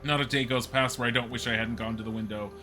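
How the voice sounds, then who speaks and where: A man's voice: medium pitch, steady tone, fast talker, pushed and bright, soft background music, natural voice. Man reading as a shaken townswoman witness. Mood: distressed. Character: upset middle-aged townswoman witness. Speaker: streamer.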